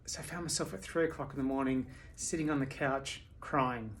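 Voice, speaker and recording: Weary woman in a halting video diary. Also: rumbling low. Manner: halting, with many restarts and fillers; candid and confessional. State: tired from sleepless nights. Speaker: vlogger. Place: at home.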